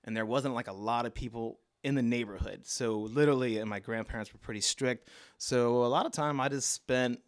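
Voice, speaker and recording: Man, Baltimore accent, smooth clear voice, medium pitch, laid-back rambling podcast guest. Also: fairly quick, few pauses. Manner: rambling, laid-back storytelling with many fillers and laughs. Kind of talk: casual podcast chat.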